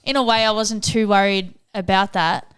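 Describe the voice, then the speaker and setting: Smooth-voiced woman, laughing. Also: medium pitch, steady tone, normal speed, a bit bright. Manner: laughing, self-mocking. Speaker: guest, new parent. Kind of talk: casual chat.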